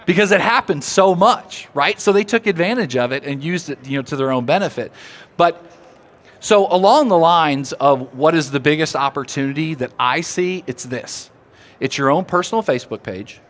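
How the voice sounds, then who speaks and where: A man giving a live seminar talk, animated and drawing the audience in with questions. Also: fairly high pitch, moderate pace. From Oklahoma. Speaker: seminar speaker. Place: seminar room.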